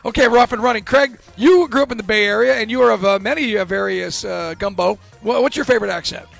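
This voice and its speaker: A man's voice: high voice, quick pace, gravelly, faint music behind. A male radio host taking calls, joking around and laughing with energy. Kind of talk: sports radio banter.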